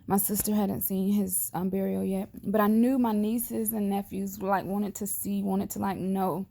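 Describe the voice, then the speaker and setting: A grieving mother holding back tears as she records a personal video message to camera, speaking earnestly and haltingly, her sentences often trailing off. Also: mid-range voice, level tone, creaky, mellow.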